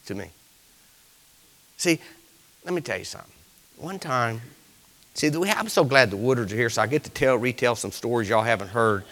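A male pastor, preaching a folksy sermon full of stories that swells to loud exclamations. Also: medium pitch.

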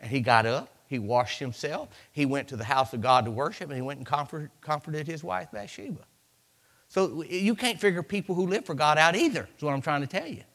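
A man preaching to his church, his voice sitting a touch high for a man. He talks to the congregation in a loose, chatty way, acting out little scenes and calling out hallelujahs as he goes. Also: a little fast, a bit bright. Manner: preachy, conversational, with acted-out asides and hallelujahs. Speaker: pastor. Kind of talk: sermon.

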